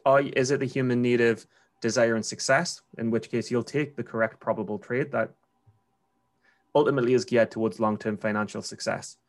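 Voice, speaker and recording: A man's voice: medium pitch, fairly even intonation, fairly quick. A man with a Geordie accent, a trader talking casually and rambling with restarts. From North East England. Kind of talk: casual conversation.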